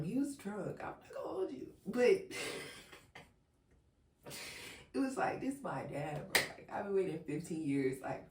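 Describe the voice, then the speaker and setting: A woman's voice: deep voice, reverberant, recorded from a distance, noisy background. A young woman telling a personal story in casual chat, filling it with "like" and talking straight to her viewers. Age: young adult. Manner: chatty storytelling, heavy "like", addresses viewers as y'all. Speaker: vlogger.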